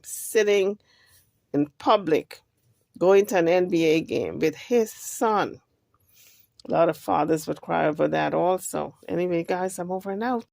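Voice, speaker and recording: A woman hosting a channel, giving casual commentary on a clip and thinking out loud. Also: fairly low pitch, vocal fry, no room sound, clean studio sound. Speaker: channel host.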